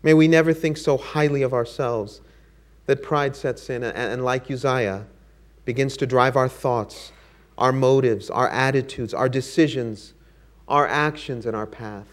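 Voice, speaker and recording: A man's voice: medium pitch, measured pace. Earnest man preaching in rhythmic lists. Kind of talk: sermon.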